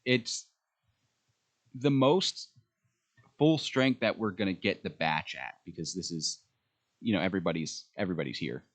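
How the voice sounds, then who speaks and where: A man co-hosting a podcast, chatting casually and excitedly about a show, with many ums. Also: sits low, normal speed, long pauses. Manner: enthusiastic fan talk with frequent fillers. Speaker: podcast co-host. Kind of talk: casual chat.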